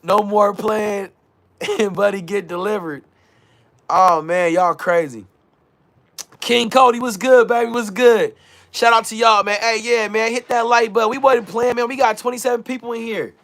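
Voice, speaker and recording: A man's voice: very high-pitched, normal speed, vocal fry, fairly bright tone. A man hosting a casual livestream, talking loosely in slang, hyping his chat and reading their messages aloud. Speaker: livestream host.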